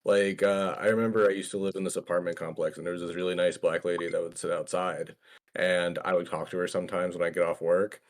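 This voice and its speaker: A man in a casual group discussion, speaking haltingly with many fillers. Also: deep voice, flat delivery. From Hispanic background.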